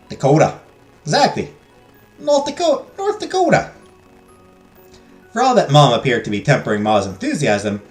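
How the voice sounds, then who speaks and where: A man from Canada narrating a cozy second-person story with chatty asides. His voice moves in wide, animated swings. The room is echoey, with light music underneath. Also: on the low side. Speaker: audio drama narrator.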